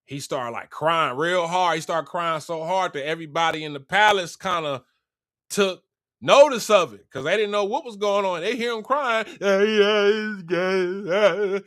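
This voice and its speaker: A man retelling a Bible story in a casual, slangy and animated way. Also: high voice, normal speed.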